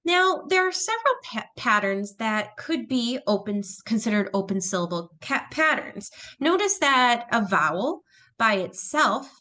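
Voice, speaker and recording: A woman's voice: a little high, big pitch swings, unhurried, pushed and bright. A woman teacher explaining phonics patiently, step by step. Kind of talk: phonics lesson narration.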